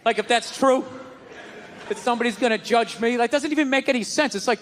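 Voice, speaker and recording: A male stand-up comedian tears through a profane, shouting rant, his voice pushed up high and strained. A live audience murmurs and stirs around him, with a steady wash of room noise in the club. He sounds exasperated and relentless, building bits at full volume. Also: a little fast, big-room sound, a loud crowd. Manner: loud, ranting, profane. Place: stage before a live audience.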